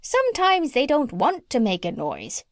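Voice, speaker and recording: A woman voicing a bossy, talkative female parrot in a storybook reading, who chatters and squawks high bird sounds. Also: huge pitch swings, measured pace, no echo, clean studio sound, full character voice. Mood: insistent.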